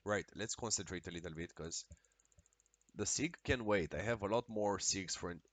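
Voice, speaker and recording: A man streaming a video game, talking casually and excitably with lots of swearing and exclamations. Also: low-pitched, moderate pace, no room sound. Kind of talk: casual live-stream commentary while playing.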